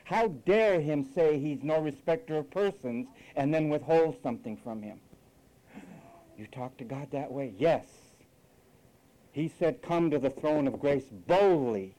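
A man's voice: on the high side, mellow, low-quality recording. A man preaching a sermon, scolding and sarcastic, acting out quoted voices as he goes.

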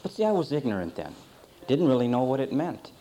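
A man's voice: medium pitch, brisk, slight background noise. A middle-aged man preaching a sermon, defining words and then telling a folksy story from his childhood. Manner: lively, swings between loud and quiet.

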